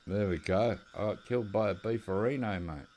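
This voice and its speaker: An Australian-accented man rambles through stories while playing a hunting game, giving casual gameplay commentary. His voice is lowish and darkish, fairly quick.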